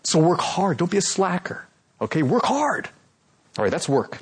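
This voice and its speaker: A man in his role as pastor giving a sermon, calling out questions to his congregation and swinging between loud and soft. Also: sits high, sing-song, moderate pace, husky.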